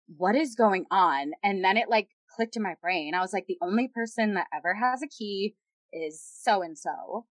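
A woman recounts a story in a loose, chatty way, her talk full of "like" and quick asides. Her voice sits at an ordinary middle pitch. The sound is dry and close, with no room echo. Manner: animated, heavy use of "like". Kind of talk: casual storytelling.

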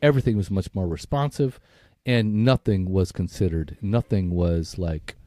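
Deep-voiced man in casual chat. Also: moderate pace, dark tone, dry recording, studio quality. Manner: swears freely, laughs often, loose rambling talk. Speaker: podcast co-host.

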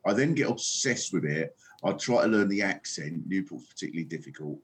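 A middle-aged man, a comedian guest on a podcast, talking in a rambling, animated way with quick asides. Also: sits low, slightly rough. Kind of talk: casual podcast conversation. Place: on tour in another town, joining remotely.

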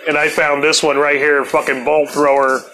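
A man's voice: a little high, little pitch movement, normal speed, pushed and bright, faint music behind, rough recording. A man in his fifties telling a profane personal story in a laid-back, casual way as a podcast host. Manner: laid-back, swears constantly, laughs at his own stories.

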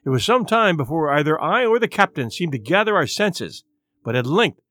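A male audiobook narrator telling a classic adventure tale with expressive, measured delivery. His voice is fairly high and his pitch moves animatedly. The recording is dry and close to the mic. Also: dry recording. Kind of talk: scripted narration.

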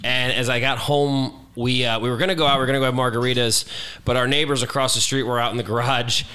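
A man hosting a casual podcast from his kitchen table, telling everyday stories and bursting into loud acted-out quotes. His voice is bright and forward, sitting at an ordinary pitch. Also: fast talker, smooth. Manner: animated storyteller, acts out shouted quotes. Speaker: podcast host. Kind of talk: casual chat. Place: home kitchen.

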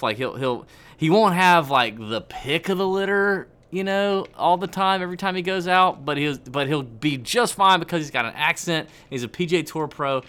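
A man's voice: on the high side, sharp tone, smooth. A man co-hosting a casual golf chat, joking and rambling through his answers. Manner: joking, rambling, self-deprecating. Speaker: podcast co-host. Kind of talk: casual banter.

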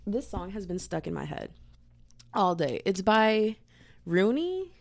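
A woman's voice: mid-range voice, very animated, a little slow, gravelly. A young woman filming a casual makeup tutorial in her bedroom, rambling and joking with her viewers about powder, with poor-quality audio. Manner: goofy, rambling, self-mocking, talks to viewers as "y'all" and "girl". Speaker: makeup vlogger.

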